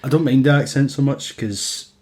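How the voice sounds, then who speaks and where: A man's voice: medium pitch, moderate pace, a little mellow. A young man with a Glaswegian accent, co-hosting a podcast, telling sweary, laughing stories and acting out the quotes he tells. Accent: Scottish, Glaswegian. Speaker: podcast co-host. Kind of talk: casual chat.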